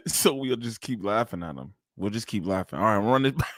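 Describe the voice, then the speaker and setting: A man's voice: fairly low pitch, lively intonation, brisk, no echo. A man hosting a live-stream reaction, talking loosely and profanely into a close streaming mic and breaking into bursts of laughter.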